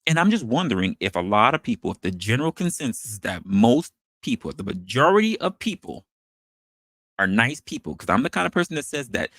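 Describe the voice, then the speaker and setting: A man hosting an opinion show, talking in an animated, rhetorical way and posing questions to his audience. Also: medium pitch, brisk, dry recording. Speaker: podcast host. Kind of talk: opinion commentary monologue.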